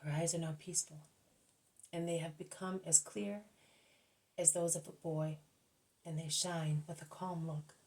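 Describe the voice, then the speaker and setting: A woman reading a devotional book aloud at a careful, measured pace, now and then correcting herself. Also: low voice, steady tone, darkish tone, poor audio. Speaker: audiobook reader.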